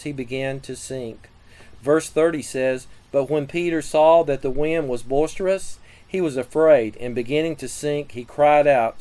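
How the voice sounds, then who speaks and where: A man giving a scripted sermon teaching on prayer, reading scripture and listing numbered points in a measured way. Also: on the high side, a little mellow, poor audio. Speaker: preacher.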